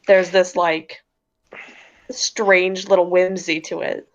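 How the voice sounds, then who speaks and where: A woman's voice: on the low side, level tone, slow, lo-fi sound. A woman playing a tabletop game, chatting eagerly and casually. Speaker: player. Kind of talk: casual chat at the gaming table.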